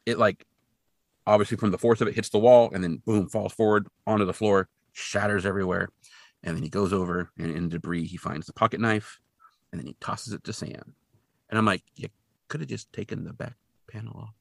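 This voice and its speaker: A man's voice: on the low side, fairly quick, vocal fry, no echo. A man co-hosting a podcast, casually recapping a TV episode and acting out the characters' lines as he goes. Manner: animated retelling, acting out quoted lines. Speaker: podcast co-host.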